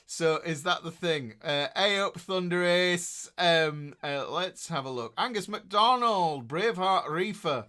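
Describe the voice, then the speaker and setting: A man's voice: sits high, lively intonation, unhurried, hardly any pauses, pushed and bright. A middle-aged man, chatting casually as a guitar teacher hosting a live class and reading out viewers' names with jokes and fillers. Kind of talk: casual live-stream chat.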